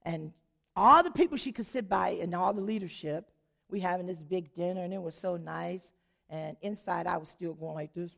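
A woman's voice: lowish voice, moderate pace, vocal fry, a bit bright. A woman giving a church testimony, telling her story animatedly, acting out the dialogue and laughing often.

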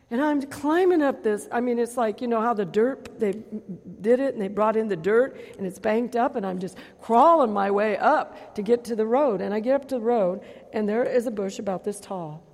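A gravelly middle-aged woman preaching a testimony, animated and full of acted-out voices. Her voice rings with a long reverb, as if from a big hall. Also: fairly high pitch, moderate pace. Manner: animated storytelling, acts out voices and gasps. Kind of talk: testimony sermon.

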